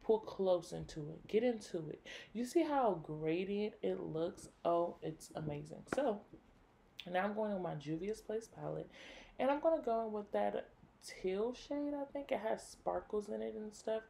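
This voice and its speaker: A woman's voice: mid-range voice, animated, normal speed, vocal fry, warm tone. A young woman hosting a makeup tutorial, chatting casually and enthusiastically to viewers, peppering her talk with "like" and the odd swear. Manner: enthusiastic, talks straight to viewers.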